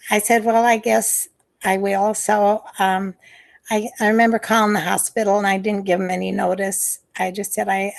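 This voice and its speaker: A woman's voice: medium pitch, creaky. An older woman, a former nurse, recalling memories in an interview over a video call, hesitant and full of fillers and restarts. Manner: hesitant, many fillers and restarts, soft sighs.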